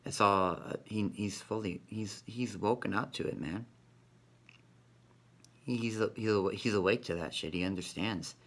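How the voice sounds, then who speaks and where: Deep-voiced man rambling, saying "man". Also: unhurried, a bit bright. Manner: rambling, repeats "man" constantly; profane, conspiratorial. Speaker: vlogger. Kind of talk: rambling monologue.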